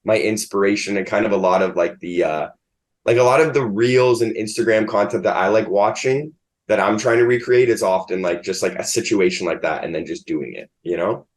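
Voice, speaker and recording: Man, comedian guest, fairly low voice, loose rambling talk full of fillers. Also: fairly quick. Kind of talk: casual interview chat.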